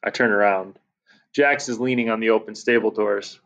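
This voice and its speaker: A man giving lively, expressive first-person narration of a children's audiobook. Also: on the low side, moderate pace, gravelly, highs cut off.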